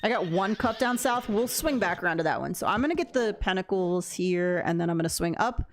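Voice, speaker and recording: Over soft background music, a chatty woman streamer talks a little fast about her gameplay, hopping from one thought to the next. She's animated, with a lively, shifting pitch as she addresses her chat, and she's quick to laugh.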